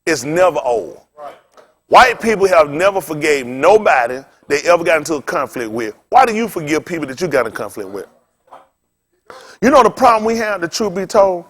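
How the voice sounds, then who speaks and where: Animated preacher man, lively high voice. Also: normal speed. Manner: animated, acts out voices in stories, laughs often. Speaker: pastor. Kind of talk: sermon with storytelling.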